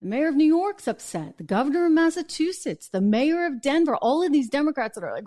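A woman's voice: high voice, very animated, fairly quick, hardly any pauses, dark tone. A woman from New Hampshire hosting an opinion show, indignant and full of rhetorical questions. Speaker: host.

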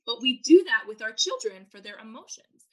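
A woman's voice: a little high, normal speed, low-quality recording. A woman parenting coach explaining ideas in a podcast interview, acting out what parents think and say. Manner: animated, acts out parents' inner voices.

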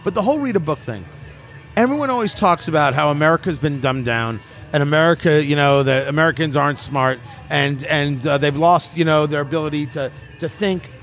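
Male host, rambling and self-amused, a little high-pitched, faint music bed. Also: fairly quick, a bit bright. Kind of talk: casual panel chat.

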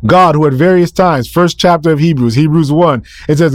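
A man's voice: fairly high pitch, moderate pace, few pauses, no echo, clean studio sound. A male preacher delivering a sermon, emphatic, firing off rhetorical questions, answering them himself and repeating key phrases.

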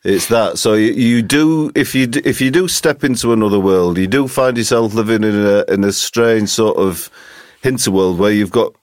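A man with a low voice speaks thoughtfully and articulately, laying out his ideas at a measured pace. He is recorded dry and close to the mic. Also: no echo. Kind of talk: casual conversation.

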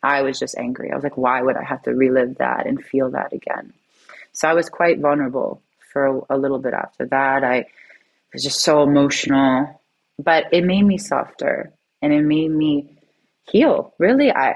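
Low-voiced earnest woman. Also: vocal fry, darkish tone, highs cut off. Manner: earnest and reflective. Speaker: guest. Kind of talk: personal storytelling in an interview.

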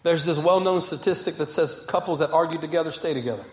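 A young man with a high voice preaches to his congregation in a reverberant church room. He repeats key phrases with fervor, then pulls back into soft, intimate passages. His words carry a long, roomy echo. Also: fast. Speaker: pastor. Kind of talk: sermon.

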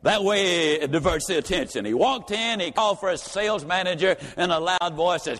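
A man's voice: high-pitched, animated, fairly quick, few pauses, a bit bright, slight background noise. A man giving a folksy, emphatic motivational speech told as a story. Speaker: motivational speaker. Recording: reverberant hall.

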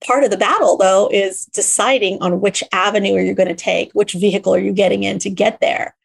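A woman hosting a podcast interview, talking in a lively conversational way and acting out quoted voices. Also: medium pitch, fairly quick, creaky. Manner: animated, acts out quoted voices. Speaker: podcast host.

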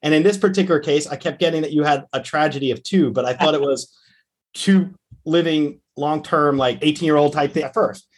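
A man's voice: fairly high pitch, husky. A man hosting an interview as a psychic medium, explaining things in a casual, conversational way. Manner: conversational, explaining, quick laughs.

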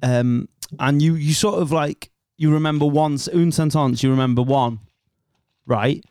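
A man's voice: on the high side, normal speed, a little mellow, clean tone, dry recording, studio quality. A young man from Northwest England co-hosting a casual podcast, telling rambling stories and laughing often. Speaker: podcast co-host. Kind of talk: casual chat.

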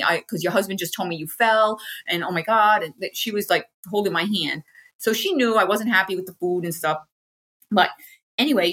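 Husky-voiced American woman telling her story. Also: on the low side, bright, forceful tone. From United States. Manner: chatty, frank, acts out quoted people. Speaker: interview guest. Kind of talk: casual personal storytelling.

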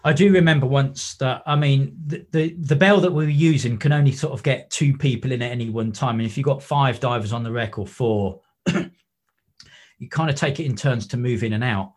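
A man's voice: mid-range voice, fairly quick. A man, a wreck diver and photographer, telling stories in a podcast interview. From England. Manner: animated anecdotes with acted-out quotes.

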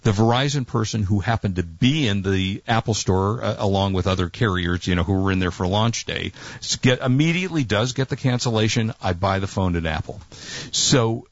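A man's voice: lowish voice, animated, fairly quick, dry recording, lo-fi sound. A man co-hosting a casual chat, telling a long story and acting out quotes in exasperated tones. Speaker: co-host.

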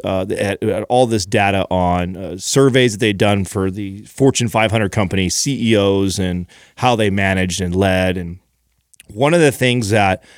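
A middle-aged man with a fairly low voice talks in relaxed podcast chat. He reflects out loud, pausing on "uh" and "um" as he works through his thoughts. The recording is close and dry. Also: no room sound. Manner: relaxed, reflective, many fillers. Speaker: podcast co-host, fitness business leader. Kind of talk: casual chat.

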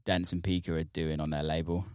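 A man with a very deep, smooth voice hosts a casual interview. He talks in a relaxed, halting way and swears casually. The sound is dry and close. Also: no echo. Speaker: podcast host, DJ.

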